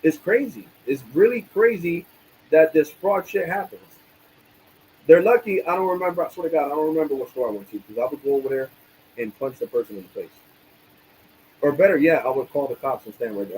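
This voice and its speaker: A man's voice: fairly high pitch, animated, brisk, a little mellow, a little hiss or hum, rough recording. A man ranting angrily on his livestream, swearing often and using casual streetwise slang. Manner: angry, profane ranting.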